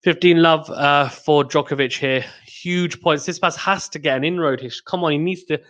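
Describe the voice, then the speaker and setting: Male streamer, live tennis play-by-play, excitable on big points, slightly higher-pitched voice. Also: moderate pace, highs cut off. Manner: reads out chat messages to viewers.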